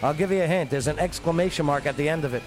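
A man's voice: fairly high pitch, rapid-fire, music in the background. A man co-hosting a local show, joking and teasing in casual banter. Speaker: co-host.

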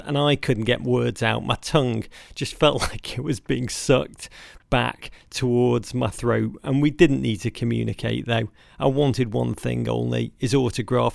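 A man's voice: medium pitch, creaky, no room sound, studio quality. An English man in his fifties telling a comic story as podcast host, wry and mock-grand. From Liverpool area, England.

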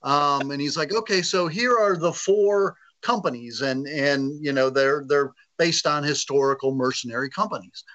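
A man being interviewed, telling a story casually and acting out the quoted dialogue with animated voices. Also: a little high, moderate pace, hardly any pauses. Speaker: author guest. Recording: lo-fi muffled audio.

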